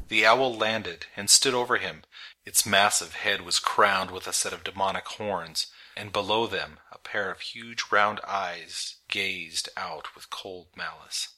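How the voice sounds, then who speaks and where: A man narrating a storybook in a dramatic, measured reading that builds tension. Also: deep voice, sharp tone, poor audio. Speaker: audiobook narrator. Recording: narration over clear background music. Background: music.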